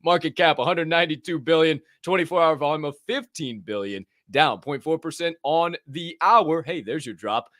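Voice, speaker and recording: A young American man hosting a casual crypto news show, joking and swearing, his voice jumping in bursts of excitement. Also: fairly high pitch, moderate pace, no room sound, clean studio sound. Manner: animated, profane, jokey, bursts of shouting. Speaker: podcast host.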